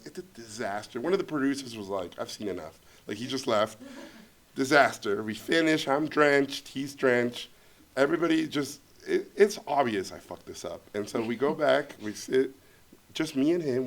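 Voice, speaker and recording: A man telling a comic anecdote to a student audience, animated and laughing as he acts out quoted lines. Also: medium pitch, gravelly. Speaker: guest filmmaker at a student Q&A.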